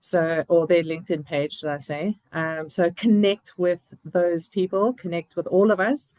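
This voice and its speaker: A woman hosting an online event, introducing the next speaker in a halting way with many restarts. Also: on the low side, fairly even intonation, darkish tone, no echo, rough recording. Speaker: event host.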